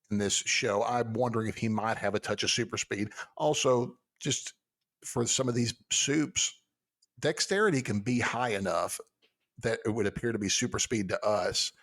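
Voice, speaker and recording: Podcast guy chiming in, easygoing, jokes around, thinks out loud. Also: fairly low pitch. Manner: chatty, reacts with quick agreement and jokes, muses aloud. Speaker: podcast co-host. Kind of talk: casual podcast chat.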